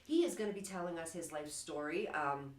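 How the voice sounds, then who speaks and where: A woman's voice: low-pitched, a little fast, reverberant. Chatty talk-show host woman, slight New York accent. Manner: bubbly, chatty, laughs often. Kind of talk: casual studio talk show chat.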